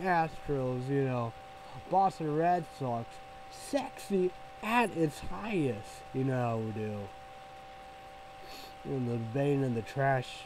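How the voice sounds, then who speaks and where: A man's voice: medium pitch, background noise. A man ranting casually as a vlogger, rambling and profane, leaning on "you know" as filler.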